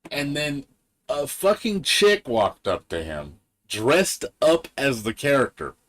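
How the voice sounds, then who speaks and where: A man's voice: mid-range voice, very animated, slow, a bit bright. A man ranting on a gaming live stream, profane and heated, mocking other people in quoted voices. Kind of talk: casual gaming stream rant.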